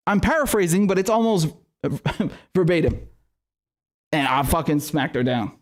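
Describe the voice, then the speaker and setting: A man's voice: fairly high pitch, expressive, unhurried, pauses often. A man hosting a live-streamed political commentary show, ranting in a heated, profane way.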